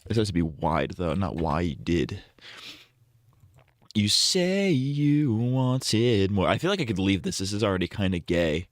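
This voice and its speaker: A man's voice: sits low, animated, fast, few pauses, dry recording, clean studio sound. A young man on a live stream, casually drafting crude parody lyrics, muttering to himself and half-singing lines.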